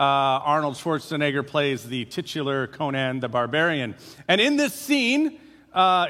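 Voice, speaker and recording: In a church sanctuary whose long reverb trails after each word, a male pastor preaches in a bright, forceful, notably high voice. His sermon stays conversational and relaxed, dotted with frequent filler "uh"s.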